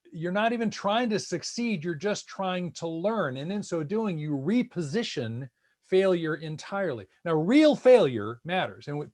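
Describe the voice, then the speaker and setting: High-pitched guy on a video call, talks fast in bursts, restarts a lot. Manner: animated, restarts often, quick bursts. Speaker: speaker series presenter. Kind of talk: casual panel talk.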